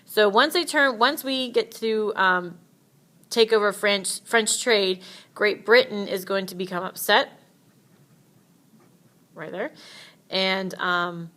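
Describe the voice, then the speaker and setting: A woman's voice: medium pitch, slow pace, fairly bright tone. A woman teacher giving a casual, chatty history lecture with playful asides.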